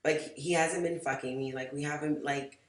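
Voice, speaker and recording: A woman telling a personal story in a casual vlog, animated and profane, shifting between loud outbursts and soft, low asides. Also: moderate pace, distant mic. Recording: roomy echo.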